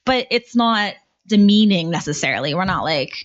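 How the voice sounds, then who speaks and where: A woman in her thirties tells a story as a guest on a podcast, candid and quick to swear, her speech loose and full of likes. Her voice sits at a middling pitch. The audio is dull and lo-fi. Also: animated. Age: 30s. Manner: candid, swears freely, many likes and fillers. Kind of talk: casual storytelling.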